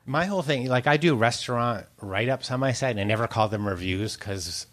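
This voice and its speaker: An American food writer chats casually as an interview guest, rambling with lots of "likes" and "ums" and laughing often. His voice is medium-pitched, fairly quick, and fairly bright.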